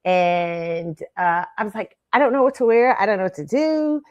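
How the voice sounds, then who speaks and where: A woman chatting casually as the host of her own show. She talks chattily and laughs often between phrases, and her voice sits at an ordinary middle pitch. The recording is dry and close, with no room sound. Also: expressive, moderate pace, dry recording, lo-fi sound. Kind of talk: casual chat.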